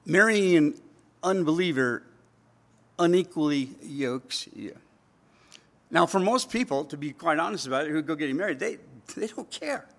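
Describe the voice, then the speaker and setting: A man's voice: fairly high pitch, expressive, normal speed, gravelly. A middle-aged man, preaching a sermon in a conversational way and slipping into quoted voices. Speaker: pastor.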